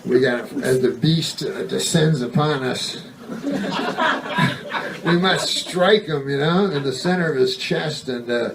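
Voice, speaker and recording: Man, stand-up comedian, deadpan, rambling, profane, distant mic, noisy clicks. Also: mid-range voice, a little slow, vocal fry. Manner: rambling, digressive, deadpan, heavy swearing.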